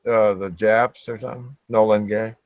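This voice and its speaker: A man's voice: fairly low pitch, level tone, normal speed, clear, resonant tone. A man hosting a casual group call, talking bluntly with teasing, crude banter. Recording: dull lo-fi online call audio.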